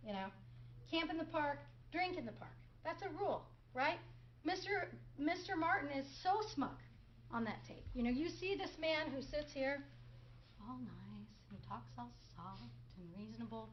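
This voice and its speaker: A woman's voice: high voice, expressive, moderate pace, highs cut off, slight background noise. A middle-aged woman prosecutor giving a courtroom closing argument, sarcastic, firing rhetorical questions and mimicking others.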